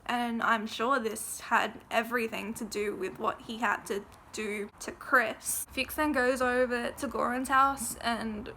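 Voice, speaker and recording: A woman walks through a TV series in a loose, chatty vlog, dotting her talk with "like" and the odd swear. Her voice sits a bit high and has a bright, crisp edge. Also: steady tone, a little slow, hardly any pauses, slight background noise. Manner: chatty, frequent "like" fillers and casual swearing. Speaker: video essayist. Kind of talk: casual recap of a TV series.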